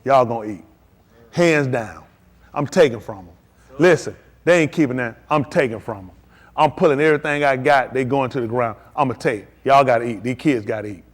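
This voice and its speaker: With a medium pitch and moderate pace, a pastor preaches to his congregation in a live-streamed sermon. He is emphatic and repetitive, pounding out brief, punchy declarations.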